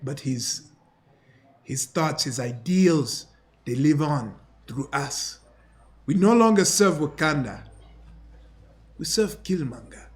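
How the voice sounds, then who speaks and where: A man's voice: fairly high pitch, lively intonation, slow, long pauses. A man voicing a battle-hardened, scarred warrior in his forties who speaks in proud, defiant speeches.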